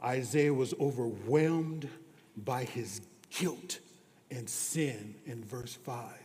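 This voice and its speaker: A man preaching a sermon as pastor, earnest, moving between hushed and emphatic delivery. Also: medium pitch, takes it slowly. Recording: long reverb of a large hall.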